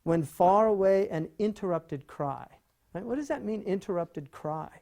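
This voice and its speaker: Male lecturer, warm mellow tone, conversational, keeps checking in with rhetorical questions. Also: high voice, normal speed, gravelly. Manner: rhetorical questions, frequent "right?"; animated, conversational teaching. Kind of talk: lecture on poetry.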